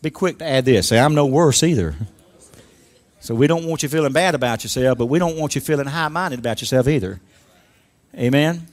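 A man's voice: mid-range voice, brisk. A man preaching a sermon, leading the congregation in call-and-response with emphatic, rising delivery. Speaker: pastor.

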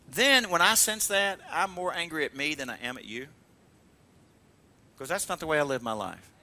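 A male pastor preaching a sermon in animated storytelling with call-and-response, often laughing as he tells stories. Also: a little high. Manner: laughs while telling stories.

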